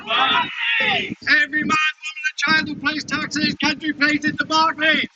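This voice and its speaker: A Welsh man giving a rally speech outdoors, shouting questions for the crowd to answer and leading chants. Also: extremely high pitch, very animated, normal speed, highs cut off. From Wales. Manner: shouting call-and-response to a crowd. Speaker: protest speaker. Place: outdoor street protest. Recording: loud crowd, noisy open-air protest. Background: loud crowd and street noise.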